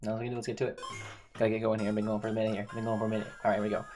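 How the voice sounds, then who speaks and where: A man's voice: on the low side, monotone, very fast, music in the background. A man giving casual gameplay commentary, thinking aloud, repeating himself and talking to his game characters. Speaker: gaming YouTuber.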